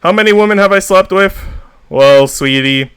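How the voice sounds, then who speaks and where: A man reading humorous short stories aloud with a deadpan comic delivery, as a VTuber reader. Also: high-pitched, moderate pace, smooth, dry recording.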